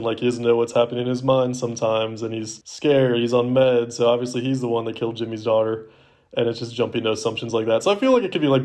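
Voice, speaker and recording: In a mid-range, somewhat dark voice, a young man in his twenties co-hosts a laid-back podcast. He rambles casually and leans heavily on "like" as a filler.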